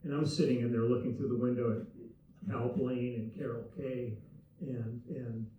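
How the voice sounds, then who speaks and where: An older man, a guest musician, recalling his early studio years in a measured, reflective way. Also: medium pitch, level tone, highs cut off, a little hiss or hum. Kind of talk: relaxed recollection. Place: theater stage before an audience. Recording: very echoey hall, distant mic.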